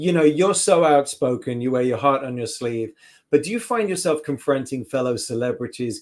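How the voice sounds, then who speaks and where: A male show host who asks measured, prompting questions in an interview, in a mid-pitched voice. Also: darkish tone.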